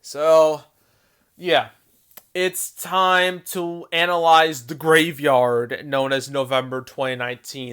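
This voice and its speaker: A man with a bright, crisp and smooth voice talks through a casual commentary on movie earnings. He sounds animated and chatty, breaks into laughter often and trails off into fillers now and then. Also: on the high side. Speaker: movie box office commentator.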